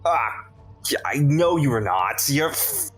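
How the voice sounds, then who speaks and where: A man acting as game master in a tabletop role-playing game, narrating casually with many pauses and laughs. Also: medium pitch, lively intonation, a bit bright, soft background music, poor audio. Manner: casual, hesitant with fillers, laughs often.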